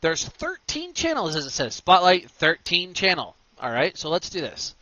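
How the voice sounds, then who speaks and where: A man hosting a screen-recorded software tutorial, walking through steps with energetic, punchy instructions. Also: a little high, normal speed, no echo, highs cut off. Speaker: tutorial host.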